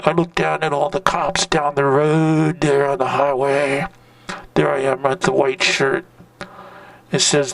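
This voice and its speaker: A man's voice: a little high, vocal fry, dry recording. A man in his sixties telling a rambling personal story in loose hippie slang, often ending phrases with "man". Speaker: narrator recalling a protest. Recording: distant mic, dry sound.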